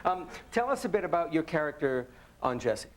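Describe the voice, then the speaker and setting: A man's voice: on the high side, sing-song, brisk. A man hosting a talk show, asking short questions and laughing along with his guest.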